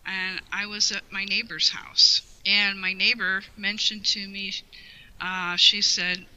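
Bright-voiced woman telling a heartfelt story. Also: mid-range voice, flat delivery, slow, clear, resonant tone, low-quality recording. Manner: heartfelt, rambling with frequent "you know". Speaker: guest, longtime fan. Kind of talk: personal storytelling in an interview.

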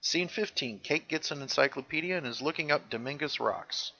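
A man's voice: on the high side, fairly quick, lo-fi sound. A man co-hosting a casual podcast, animatedly retelling scenes and quoting lines. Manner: animated, jumps into character voices when quoting. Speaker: podcast co-host recapping a show.

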